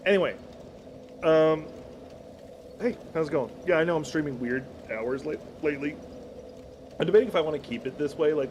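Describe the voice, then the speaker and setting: A man giving casual live commentary while streaming a game, excitable and self-mocking, swearing and shouting at enemies. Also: mid-range voice, background noise.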